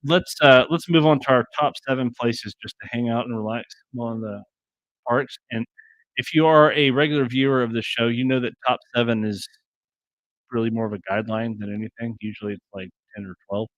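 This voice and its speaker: Casting: middle-aged man, live-stream co-host, rambling and joking, mid pitch, dry close sound. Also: steady tone, a little fast, a bit bright, no room sound, highs cut off. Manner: rambling, stumbles and restarts, joking. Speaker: co-host of a travel tips show. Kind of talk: casual live-stream chat.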